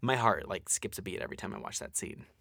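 A man co-hosting a podcast in casual chat, animated and profane, acting out quotes. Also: low-pitched, fast, vocal fry, no echo, clean studio sound. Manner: animated, swears a lot, acts out quotes. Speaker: podcast co-host.

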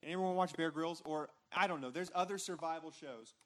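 Preaching in a loose, chatty style, this high-voiced pastor sounds a bit bright as he works through his sermon on a church stage. He often stumbles, repeats himself and starts over, checking in with the responsive congregation with frequent quick "right?"s.

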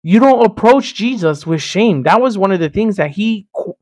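Emphatic male podcast preacher, higher voice. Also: normal speed, no echo. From Miami, Florida. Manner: emphatic, animated, speaks straight to the listener. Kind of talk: sermon-style podcast teaching.

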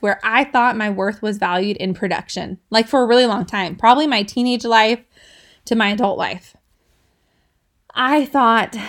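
A woman's voice: on the high side, fairly bright tone. A woman in her thirties hosting a casual devotional podcast, chatty and laughing often, checking in with listeners as she teaches. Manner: chatty, asks listeners "right?", laughs between points. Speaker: podcast host.

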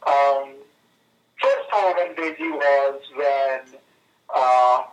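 A man in his thirties calling in to chat with friends, halting and full of fillers and restarts. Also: medium pitch. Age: 30s. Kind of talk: casual phone conversation. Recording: tinny speakerphone from a distance.

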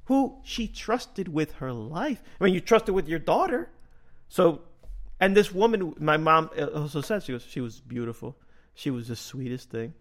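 A man hosting a podcast, telling a personal story in a casual, animated way and laughing often. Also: a little high, normal speed. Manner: animated, laughs often, acts out quoted dialogue. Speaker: podcast host.

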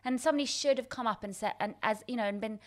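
A woman in her thirties telling a story in casual chat, self-deprecating and quick to laugh, with many restarts. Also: on the high side. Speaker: guest.

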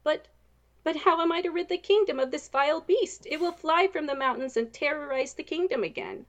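A woman voicing a boastful, pompous young male knight who declaims loudly and slowly. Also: high voice, muffled recording, voice pushed up. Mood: alarmed. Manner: loud, slow and declaiming.

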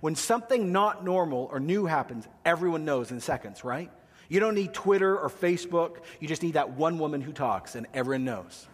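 A man's voice: on the high side, lively intonation, a little fast, in a large hall. A man preaching a sermon, conversational, with joking asides to the congregation. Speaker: pastor.

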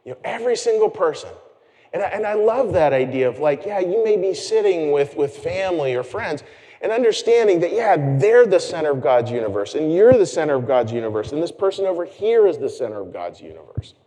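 Animated male pastor in a reverberant hall. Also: a little high, a little fast. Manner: conversational, animated, with self-deprecating asides. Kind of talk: sermon. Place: church sanctuary.

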